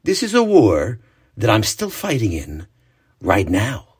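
A man voicing a cheerful older male war veteran, telling his stories in a warm, earnest way. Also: on the low side, huge pitch swings, measured pace, breathy edge, exaggerated voice. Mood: serious.

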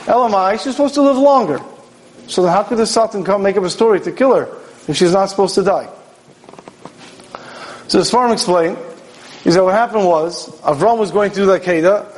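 A man's voice: high voice, low-quality recording. A man, a rabbi, giving a Torah sermon in a storytelling manner, asking questions and acting out dialogue.

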